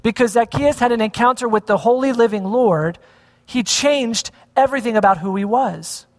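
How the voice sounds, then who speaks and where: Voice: medium pitch, normal speed, in a large hall. A pastor giving a conversational sermon, often asking the congregation questions.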